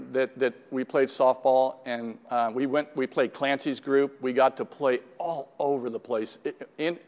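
Older man rambling in a reverberant hall. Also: fairly high pitch. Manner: rambling storyteller, many restarts and "right?" tags. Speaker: speaker at a recovery meeting. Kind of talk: personal testimony.

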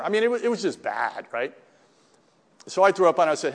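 A man's voice: a little high, very animated, fast, gravelly. Older man telling his story in an echoey hall. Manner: conversational storytelling, frequent "right?" asides. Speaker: recovery meeting speaker. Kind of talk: personal testimony at a meeting. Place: meeting room.

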